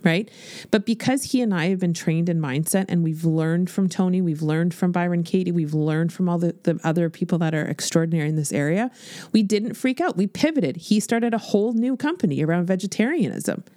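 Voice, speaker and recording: Lady coach on her podcast, low-ish voice, swears a lot, fired up, dry close sound. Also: fairly quick, no room sound. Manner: blunt, swears freely, animated. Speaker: podcast host and business coach. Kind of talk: casual motivational podcast monologue.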